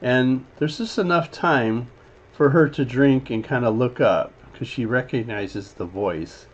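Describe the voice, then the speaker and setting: A man casually breaking down an animated scene as a teacher, rambling with lots of fillers and now and then voicing the characters' lines. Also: mid-range voice, measured pace. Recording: slightly dull lo-fi audio with faint background noise.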